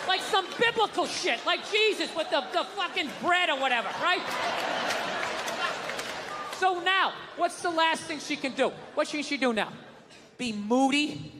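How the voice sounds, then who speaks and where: A man doing a stand-up comedy set, ranting with profanity and loud, exasperated bursts. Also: very high-pitched, animated, a little slow, long pauses. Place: live comedy venue with audience. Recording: live show with crowd and noise.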